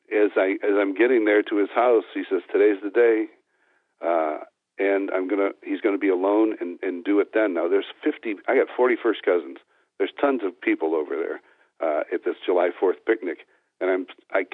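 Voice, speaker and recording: Man, earnest testimony guest, very low voice, thin phone-like sound. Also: no room sound. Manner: earnest, storytelling, frequent restarts. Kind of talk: personal testimony interview. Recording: tinny phone-like dry sound.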